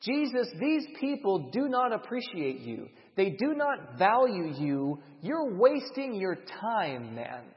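A man's voice: high-pitched, sing-song, takes it slowly, few pauses, in a large hall, lo-fi sound, exaggerated voice. A man voicing a tempting male devil who coaxes and sneers in a sermon. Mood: coaxing. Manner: coaxing, dismissive.

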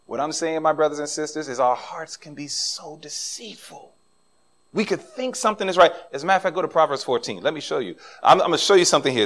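A middle-aged male pastor preaching with a lively voice that swings up and down. His voice sits a little high for a man. He acts out the voices of the people he quotes as he talks to the congregation. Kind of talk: sermon.

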